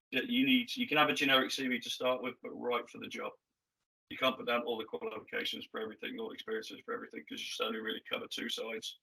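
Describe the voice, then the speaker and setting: A man's voice: mid-range voice, vocal fry, sharp tone, slightly rough, low-quality recording. A man, a former soldier guest, talking plainly about job hunting in a casual chat. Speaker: ex-military panel guest. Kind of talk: casual career advice chat.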